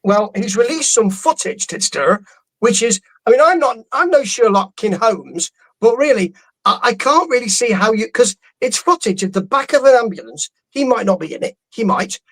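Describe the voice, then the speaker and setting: A man's voice: extremely high pitch, lively intonation, normal speed, a bit bright, low-quality recording. A man co-hosting a boxing podcast, talking in a rambling, amused way with frequent restarts. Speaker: podcast co-host. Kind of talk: casual boxing podcast chat.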